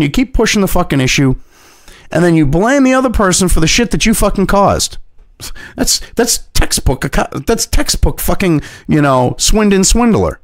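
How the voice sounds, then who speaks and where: A man's voice: a little high, no room sound, studio quality. A man ranting as an online commentator, heated and mocking, swearing constantly. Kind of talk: profane opinion rant.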